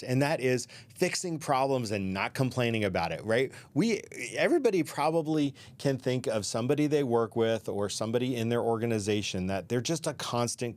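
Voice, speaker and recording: A middle-aged man hosting a career advice talk, speaking conversationally with asides and restarts. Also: medium pitch. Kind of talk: solo advice talk to camera.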